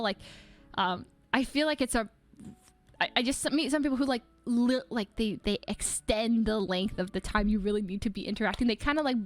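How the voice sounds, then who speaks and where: A young woman livestreamer in her twenties, medium-pitched, tells a story in casual, rambling chat packed with "like" and quick laughs.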